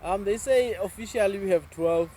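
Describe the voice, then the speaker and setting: A South African man joining a casual discussion with calm, measured comments. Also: high voice, breathy edge, poor audio.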